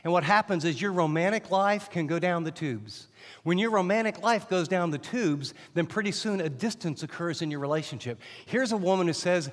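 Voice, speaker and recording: A middle-aged man preaching a sermon as a Bible teacher, animated and often restarting his sentences. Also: high-pitched, moderate pace. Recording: long hall reverb.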